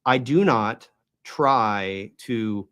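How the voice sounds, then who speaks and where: A man's voice: lowish voice, very slow, a bit bright. A man hosting a Bible study channel, explaining at length in an emphatic, argumentative way and often checking in with the listener. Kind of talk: explanatory monologue on Greek pronunciation.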